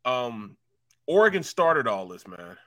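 A man's voice: mid-range voice, sing-song, a little slow, a bit bright. A man from St. Louis co-hosting a sports talk show in casual, rambling chat, often tagging lines with "man". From St. Louis, USA. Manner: laid-back, rambling, tags lines with "man". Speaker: sports radio co-host.

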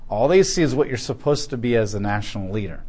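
A man's voice: mid-range voice, animated, fast talker, mellow, husky. A man teaching through a Bible passage verse by verse, reading aloud and adding blunt, conversational asides.

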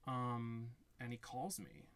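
A man's voice: mid-range voice, level tone, slow pace, noisy background. A young man co-hosting a podcast, casually telling a story and acting out quotes. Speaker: podcast co-host. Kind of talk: casual chat.

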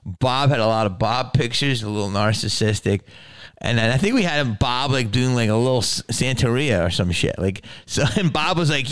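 A man hosting a podcast, telling a story in a casual, animated way with lots of swearing and laughing. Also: medium pitch, moderate pace, no room sound, clean studio sound. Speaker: podcast host.

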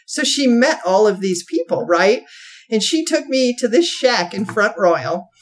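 Woman guest, folksy storyteller, mid-pitched, laughs through her lines. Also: animated, a little slow. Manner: laughs through her story, breaks into high voices for quotes; folksy churchgoing talk. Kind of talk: animated storytelling chat.

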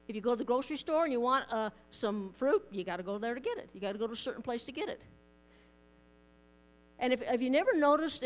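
A woman preaches a sermon in a church, her voice set a touch high. She talks in a plain, conversational way, often doubling back on her words. A low mains hum sits under the recording. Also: a bit bright. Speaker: pastor.

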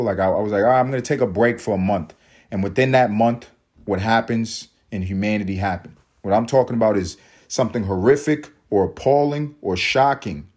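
A man from a Puerto Rican family, hosting a solo podcast and riffing in a profane, rambling way, laughing at his own jokes. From Puerto Rican family, raised in US projects. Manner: jumps to high excited pitch for emphasis. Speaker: podcast host. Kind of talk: solo comedic monologue.

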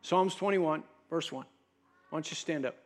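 A man preaching a sermon as pastor, dropping to a soft low voice when he quotes Jesus. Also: normal speed, faint music behind.

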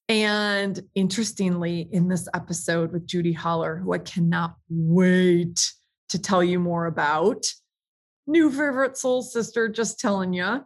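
A woman hosting her podcast, talking in a bubbly, emphatic way and cursing casually. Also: medium pitch. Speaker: podcast host. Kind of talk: enthusiastic podcast intro.

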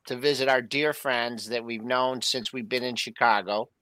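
A middle-aged man co-hosting, telling a weekend story with lively enthusiasm. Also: medium pitch, moderate pace, smooth, no room sound. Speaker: co-host. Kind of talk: casual storytelling chat.

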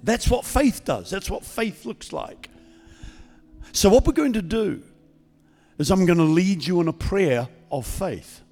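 A man preaching as a guest pastor, speaking calmly and conversationally instead of shouting, leading a healing prayer in a church service. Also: sits high, measured pace. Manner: calm, conversational, not yelling. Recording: long church reverb.

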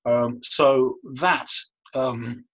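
A man's voice: medium pitch, fairly even intonation, extremely slow, poor audio. A man, a magician and breathwork coach, explaining his practice in a thoughtful interview over a video call, often restarting his phrases. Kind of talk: relaxed explanatory interview talk. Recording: remote call audio.

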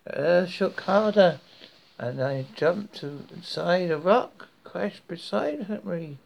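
A British man reading a horror story aloud in a slow, measured way, with occasional slips and restarts. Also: high-pitched, expressive, creaky.

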